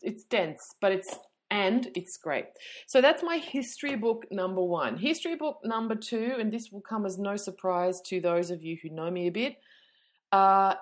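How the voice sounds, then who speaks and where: A woman hosting a podcast, talking in a chatty, rambling way, full of fillers and self-mockery. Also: lowish voice. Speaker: podcast host and yoga teacher. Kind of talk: casual podcast chat.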